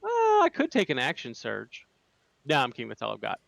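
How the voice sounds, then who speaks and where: A man playing a tabletop game, describing his character's spell in halting, filler-heavy bursts that turn vivid. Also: medium pitch, wildly swooping pitch, gravelly, fairly bright tone, no room sound. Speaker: player.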